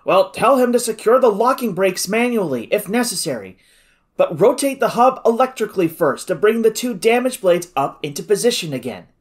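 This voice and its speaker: A man's voice: high-pitched, sing-song, fairly quick, pitched above the performer's own voice. A man reading aloud, voicing a commanding male officer who gives orders in an urgent, clipped way.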